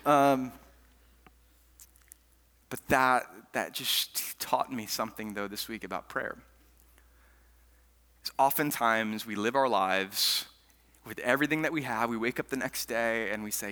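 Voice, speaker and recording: A male pastor delivers a sermon in a bright, forceful voice. He tells stories animatedly, swinging from loud, eager bursts down to hushed asides, and his words ring out with a long reverb from a large church hall. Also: medium pitch, measured pace, long pauses, smooth.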